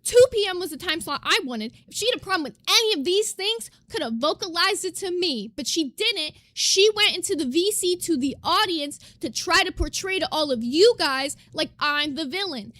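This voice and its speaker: A young woman streamer talks straight to her live chat in a very high voice. She is emphatic and indignant and swears freely as she argues her side. The sound is dry and close, with no room around it. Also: expressive, normal speed, few pauses, sharp tone, no echo.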